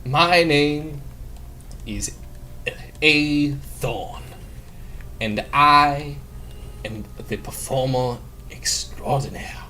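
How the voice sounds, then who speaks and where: A man's voice: a little high, drawn-out words, long pauses, pushed and bright, a little hiss or hum, heavily acted. Grandiose stage-performer gunslinger, theatrical and boastful, a man putting it on. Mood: showy. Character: showy male gunslinger performer.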